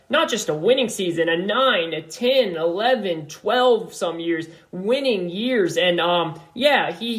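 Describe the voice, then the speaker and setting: A young man hosting a solo sports podcast from an apartment, talking loudly and with energy, rambling and restarting his sentences. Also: high-pitched. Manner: loud, animated and rambling, with many restarts. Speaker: podcast host. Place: apartment room.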